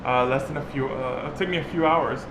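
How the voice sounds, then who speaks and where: A man's voice: mid-range voice, a little fast, background noise. A man vlogging casually about a DIY project in his home workshop, talking with lots of fillers and restarts. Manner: chatty, filler-heavy, restarts often. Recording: roomy workshop, music playing underneath.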